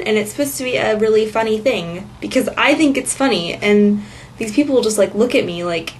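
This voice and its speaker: A woman's voice: mid-range voice, brisk, a little hiss or hum. A woman vlogging in a casual, chatty monologue, rambling with lots of fillers and giggles.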